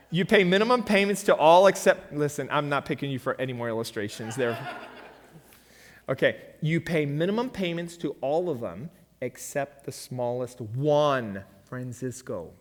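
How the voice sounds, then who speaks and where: A man, a pastor, teaching a church finance lesson in a lively storytelling way and quizzing his audience. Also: on the high side, normal speed. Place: church hall. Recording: long hall reverb.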